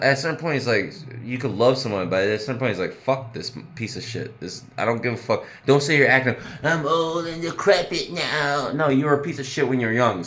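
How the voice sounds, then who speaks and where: A TV show reviewer with a medium-pitched, slightly bright voice rants casually about an episode. He sounds exasperated, swears freely, and laughs at his own jokes throughout this profane review.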